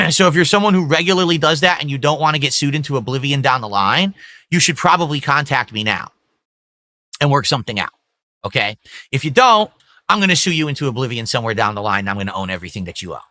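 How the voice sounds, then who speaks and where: A man's voice: medium pitch, expressive, fast talker, pushed and bright, no echo. A man streaming, lecturing viewers in a stern, threatening way. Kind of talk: clip from a live stream.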